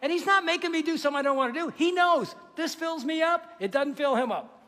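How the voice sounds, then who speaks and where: High-voiced pastor preaching in a reverberant hall. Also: male voice, fast talker. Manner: lively, joking, asks the congregation questions. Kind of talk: sermon. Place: church sanctuary.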